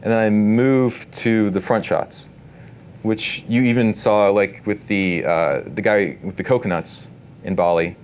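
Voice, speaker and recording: A man giving a casual live workshop talk to an audience in an event space, relaxed and talkative, full of filler words. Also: lowish voice, unhurried, a little hiss or hum. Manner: relaxed, talkative, many "like" and "you know" fillers.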